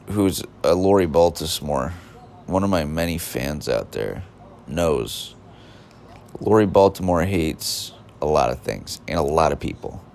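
A man's voice: sits low, a little mellow, a little hiss or hum. A man delivering a rambling, scornful comedic rant, often breaking off and restarting his sentences. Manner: rambling, self-interrupting, scornful.

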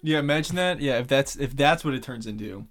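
A man's voice: medium pitch, a little fast. Chatty male reality-TV recapper. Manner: animated, acts out quotes in raised voices, laughs often. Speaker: podcast co-host. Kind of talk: casual reality-TV recap chat.

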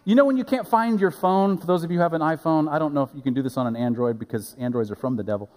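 A man preaching a sermon as a pastor, animated and playful, recorded in a church sanctuary. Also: fairly high pitch, quick pace, long reverb tail.

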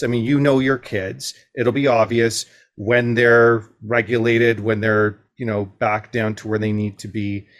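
A man co-hosting a parenting workshop, sums up the points, affirms what is said and drops to a hush for example lines. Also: mid-range voice. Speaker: workshop co-host. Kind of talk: workshop talk.

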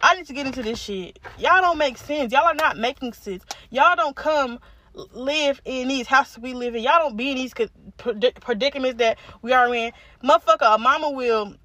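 A woman's voice: sits high, normal speed, sharp tone, no room sound. A woman of about twenty hosting a podcast alone, ranting angrily and bluntly with heavy swearing. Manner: angry, profane, blunt. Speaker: podcast host. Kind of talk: casual solo rant.

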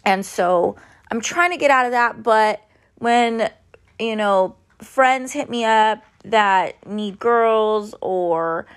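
A woman's voice: on the high side, takes it slowly, smooth. A woman in her mid-thirties chatting casually to her viewers at home, ranting and swearing freely. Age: 30s. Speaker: vlogger. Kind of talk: casual chat to camera. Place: at home, kitchen sounds.

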